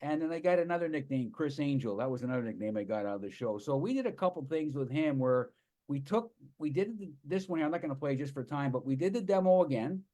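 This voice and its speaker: A man talks to an audience in an enthusiastic, storytelling way. His voice sits a little higher than most men's. He runs through his points with eager energy. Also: animated, quick pace, dark tone. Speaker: presenter. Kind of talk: live presentation to an audience.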